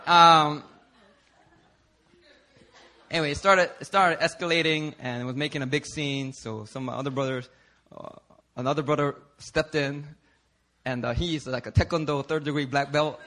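A man from Philadelphia preaches at a church service, telling stories in a loose, conversational way. His voice sits a little high with a bright, forceful edge, and he moves from hushed asides to loud, animated peaks. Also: normal speed. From Philadelphia, United States. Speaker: pastor. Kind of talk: sermon with storytelling.

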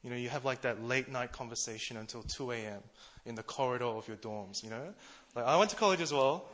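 Bright-voiced chatty male preacher. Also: medium pitch, fairly quick. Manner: conversational, chatty, laughs at himself. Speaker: preacher, church treasurer. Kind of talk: casual sermon.

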